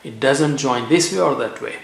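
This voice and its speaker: A man's voice: mid-range voice, vocal fry. Man drilling Arabic letter sounds. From India. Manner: repeats sounds slowly for drilling, says "okay" often. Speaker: Quran recitation teacher. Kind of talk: tajweed pronunciation lesson. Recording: echoey room.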